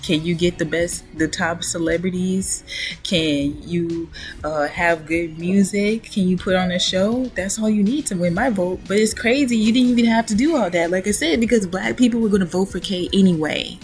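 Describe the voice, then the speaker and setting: Blunt, opinionated woman with a low voice. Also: normal speed, a little mellow, soft background music. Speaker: commentary vlogger. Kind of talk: casual reaction commentary.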